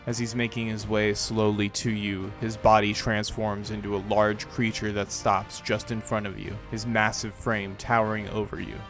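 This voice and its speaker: Low-voiced man narrating a tabletop game. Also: little pitch movement, music in the background. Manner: measured, dramatic scene-setting. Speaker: game master.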